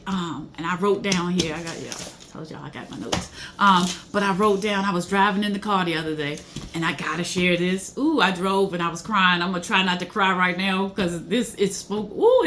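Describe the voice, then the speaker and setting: A woman's voice: on the low side, a little hiss or hum. A middle-aged woman giving a faith-based motivational talk, speaking in an emphatic, preachy way and breaking into exclamations.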